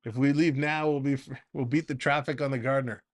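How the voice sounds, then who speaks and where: In a steady tone and at a fairly quick clip, a man handles laid-back play-by-play for a fan stream, chatting about unrelated things between pitches and often breaking into laughter.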